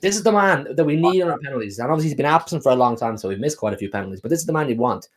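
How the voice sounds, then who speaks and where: A man's voice: medium pitch, expressive, racing. A man hosting a live football watch-along, reacting to the match and reading chat messages aloud.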